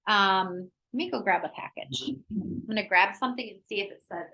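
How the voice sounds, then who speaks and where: Woman wellness presenter on a video call, chatty, energetic, bright forceful tone. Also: medium pitch, moderate pace, rough recording. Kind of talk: live online workshop talk.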